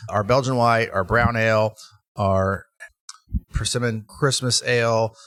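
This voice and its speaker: A man who owns a brewery, talking in a casual interview and telling animated stories with lots of restarts. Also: lowish voice, a little slow, dry recording, studio quality. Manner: animated storytelling with laughs and restarts. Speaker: brewery owner, guest.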